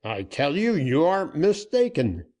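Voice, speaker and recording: A man's voice: fairly low pitch, animated, unhurried, darkish tone. A man voicing a frightened male banker and former outlaw, stammering and pleading as he is cornered. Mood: panicked. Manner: stammering, pleading, rising in panic.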